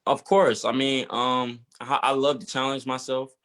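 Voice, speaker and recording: A man's voice: medium pitch, level tone, normal speed, fairly bright tone. A man from Georgia in the US, a musician answering interview questions hesitantly with many fillers. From Georgia, USA. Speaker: musician guest. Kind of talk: casual interview.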